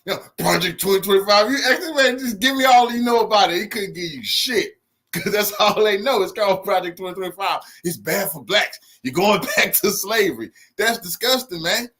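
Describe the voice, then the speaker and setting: A man's voice: sits high, brisk, pushed and bright. A man hosting a commentary channel, reacting to news clips in a heated, mocking, profane way and laughing often.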